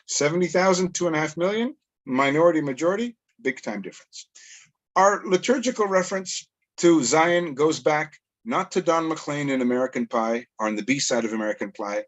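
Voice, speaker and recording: A middle-aged man with a Canadian accent delivers a lecture to a synagogue audience. His voice sits a little high for a man. He moves between explanation, quoted lines and chatty asides, and keeps an animated storytelling manner throughout. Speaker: educator.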